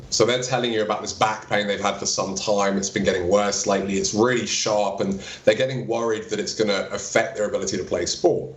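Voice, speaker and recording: A man with a lowish voice answers an interviewer's question about his practice. He lays out his technique step by step and acts out short exchanges with patients. The room around him is echoey. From England. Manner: practical, explains with quoted examples. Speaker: chiropractor.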